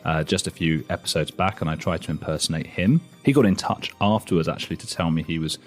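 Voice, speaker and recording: A man's voice: low-pitched, fast, faint music behind. A man from near London hosting a podcast, chatty and self-mocking, with frequent fillers. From England. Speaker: podcast host. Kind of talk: casual chat and spoken intro.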